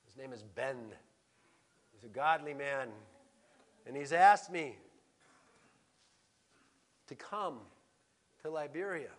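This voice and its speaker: A pastor preaching a sermon, emphatic, swinging between loud proclaiming and a hushed near-whisper. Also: male voice, on the high side, takes it slowly, long pauses.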